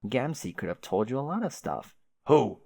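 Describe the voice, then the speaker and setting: A man voicing a smug, condescending male narrator who mocks his listener calmly and sarcastically. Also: medium pitch, normal speed, vocal fry, dry recording, studio quality. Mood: smug, mocking. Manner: sarcastic, mocking, calm.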